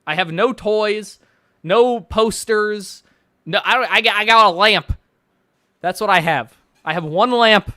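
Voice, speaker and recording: A man's voice: high voice, a little slow, bright, forceful tone. A man streaming from his bedroom, reacting to posts with sarcastic, mocking commentary and frequent laughter.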